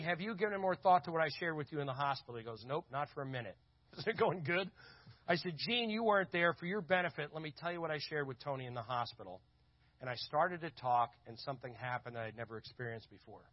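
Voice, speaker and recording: A man telling a lively story in a sermon, acting out the voices of the people in it. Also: fairly high pitch, quick pace, breathy edge, no room sound. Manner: animated, acts out quoted voices. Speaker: conference speaker. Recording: dull lo-fi audio.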